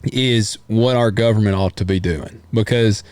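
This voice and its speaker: An American man co-hosting a podcast, chatting casually about politics in a rambling, folksy, animated way. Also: fairly low pitch, moderate pace, no room sound. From United States. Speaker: podcast co-host.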